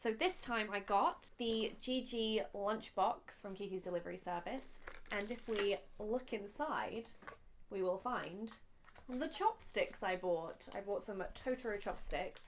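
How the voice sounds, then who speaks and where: A woman's voice: mid-range voice, unhurried, a little hiss or hum. A young woman talks through a shopping haul in a casual, gushing, chatty vlog. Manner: gushing, chatty, easily emotional. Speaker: vlogger.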